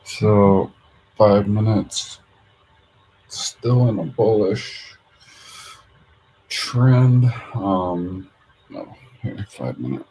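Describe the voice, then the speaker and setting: A man's voice: fairly low pitch, animated, extremely slow, pauses often, warm tone, a little hiss or hum, rough recording. A man streaming his trading session, thinking aloud in a casual, hesitant way with lots of fillers. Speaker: day trader streaming his charts.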